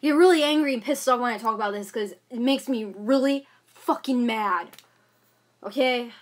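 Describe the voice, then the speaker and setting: Young woman vlogger, high voice, agitated rambling rant. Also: normal speed, a little hiss or hum. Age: young adult. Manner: agitated ranting, many fillers and repeats. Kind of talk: casual venting vlog.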